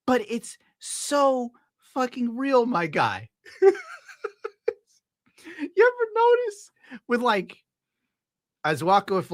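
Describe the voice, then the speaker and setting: A man's voice: high voice, a bit bright, no room sound, clean studio sound. A man streaming and reacting to clips in a crude, sarcastic, profane rant, laughing at his own jokes.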